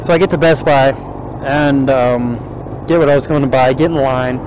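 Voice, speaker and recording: A young man casually telling a rambling, animated story to his viewers. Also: medium pitch, moderate pace. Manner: rambling, animated retelling with quoted dialogue. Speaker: vlogger. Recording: muffled lo-fi audio with loud background noise.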